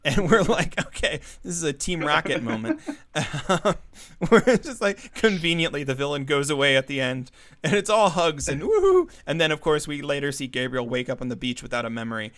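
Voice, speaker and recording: A man's voice: fairly high pitch, lively intonation, a little fast, fairly bright tone. A man chatting casually on a podcast, retelling a story with frequent laughs and acting out the characters' lines in a raised voice. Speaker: podcast co-host. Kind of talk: casual chat recapping a comic story.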